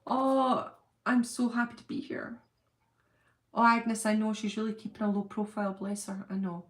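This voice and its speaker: Speaking at a moderate pace in a medium-pitched, level voice, a middle-aged channel host runs a relaxed livestream. She laughs and chats while reading comments and welcoming viewers by name.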